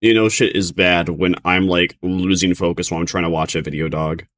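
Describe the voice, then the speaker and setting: Tired, rambling low-voiced man. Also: fairly even intonation, a little fast, fairly bright tone. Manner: rambling, stumbling restarts, giggly. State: sleep-deprived, tired. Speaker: streamer reacting to a video. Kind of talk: casual reaction commentary.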